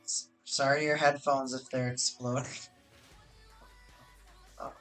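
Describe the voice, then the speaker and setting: A streamer chatting casually while opening card boxes, excitable and talkative, restarting and correcting sentences often, on a loud high-gain desk mic. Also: measured pace, faint music behind. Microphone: hot desk microphone with high gain.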